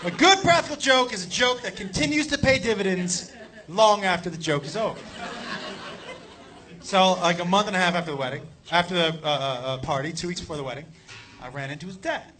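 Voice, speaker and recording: High-voiced male comic, animated and crude, live club audio with audience noise. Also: fairly quick. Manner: animated, shouting punchlines, crude. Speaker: stand-up comedian. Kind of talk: stand-up storytelling. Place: comedy club stage with laughing audience.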